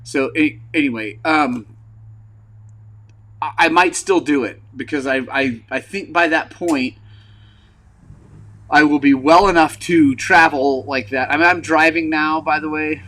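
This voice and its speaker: A man hosting a motorcycle channel in casual rambling vlog chat, frank and frustrated, with lots of fillers and throat clearing, recovering from an injury. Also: fairly high pitch, unhurried, long pauses, sharp tone, low-quality recording. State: recovering from injury, wearing a brace.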